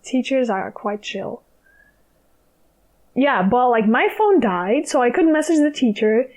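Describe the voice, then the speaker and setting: Young woman, from Ukraine, podcast guest, casual chat, somewhat high voice, laughs often, lots of fillers. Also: expressive, a little slow, a little mellow, low-quality recording.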